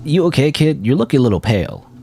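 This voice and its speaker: A man's voice: medium pitch, sing-song, quick pace, vocal fry, mellow, a little hiss or hum, pitched above the performer's own voice. A man reading the lines of a kindly, concerned old man at a bus stop in a game.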